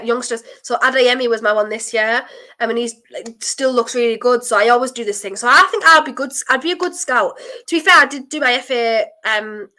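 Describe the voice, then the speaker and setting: Speaking on the high side, a young woman with a stuffy, blocked nose hosts a live football watchalong stream. She chats in a nervous, excited way, with sudden exclamations bursting out.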